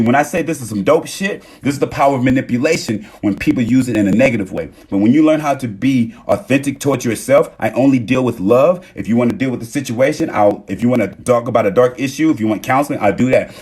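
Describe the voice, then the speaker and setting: A young man talking casually on a live stream, rambling and emphatic as he acts out what others say. His voice has a husky, slightly rough edge. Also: medium pitch, a little mellow. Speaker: TikTok live host.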